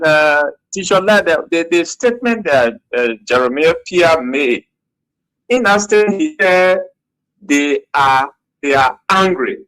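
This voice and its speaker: A man's voice: fairly high pitch, a bit bright, no room sound, poor audio. A man with a Liberian English accent calling in to a radio show, heated and critical, repeating his points. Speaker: caller. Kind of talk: call-in radio talk.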